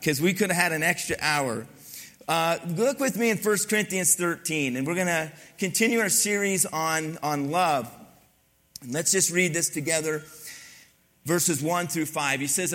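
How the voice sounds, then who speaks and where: A middle-aged man delivering a sermon in a bright, forward voice that sits a little high. He tells a personal story, jumping up in pitch for the lines he quotes. Then he reads scripture more slowly. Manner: storytelling with raised excited quotes. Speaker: pastor.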